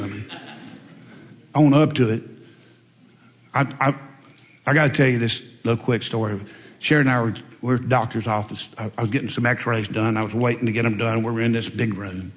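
A man preaching a sermon, telling folksy stories and swinging between loud emphatic lines and quiet asides. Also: mid-range voice. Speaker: pastor. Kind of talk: sermon with storytelling. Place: church sanctuary. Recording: long reverb in a large hall.

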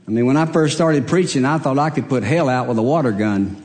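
A man's voice: medium pitch, brisk, a little mellow, big-room sound. An older man, preaching a sermon in a church and telling stories about himself in a humorous, self-deprecating way. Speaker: pastor. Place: church sanctuary.

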